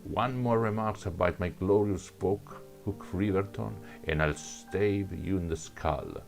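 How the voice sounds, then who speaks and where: A man reading the part of a gruff giant foreign soldier, in a plain reading voice. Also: sits low, unhurried, soft background music.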